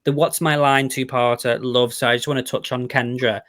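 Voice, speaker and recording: A man's voice: medium pitch, level tone, moderate pace, a bit bright, no room sound. Chatty man gushing in a dry room. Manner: chatty and rambling, full of "like" and restarts; enthusiastic, gushing about favorites. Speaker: podcast host reviewing a TV series. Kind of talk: casual chat.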